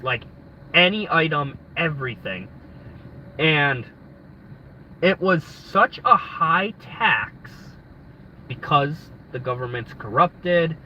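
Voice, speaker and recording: A man with a stuffy nose from a cold, telling a travel story in a casual, rambling live stream full of restarts. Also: medium pitch. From United States. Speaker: travel vlogger. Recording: dull lo-fi audio with faint background noise.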